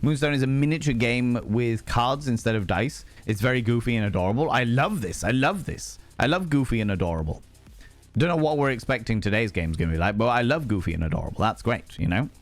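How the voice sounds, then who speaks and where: A young man chatting casually on a live stream, animated and swearing freely, jumping high in pitch for emphasis. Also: fairly quick, soft background music.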